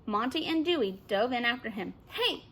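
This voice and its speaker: A woman teacher reading a children's novel aloud with expressive narration. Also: fairly high pitch, measured pace.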